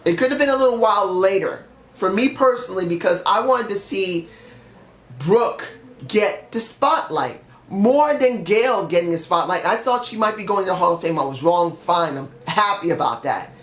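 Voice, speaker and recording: A man's voice: high voice, expressive, moderate pace, fairly bright tone, echoey room. A young man reviewing a wrestling show on his own, ranting bluntly with some swearing while he is feeling sick. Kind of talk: opinionated solo review.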